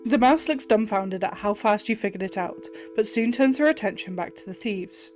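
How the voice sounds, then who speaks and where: A woman's voice: mid-range voice, expressive, normal speed, few pauses, darkish tone, faint music behind. A woman streamer reading a game's text aloud and puzzling through it in a chatty, playful way. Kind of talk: reading game text aloud and thinking out loud.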